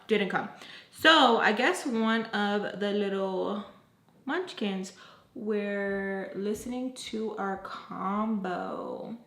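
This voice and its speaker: Young woman doing a story time, casual and cussing a lot, mid pitch, kinda echoey room. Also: slight background noise. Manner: animated, profane, chatty with many "like" fillers. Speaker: beauty and story-time YouTuber. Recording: roomy echo.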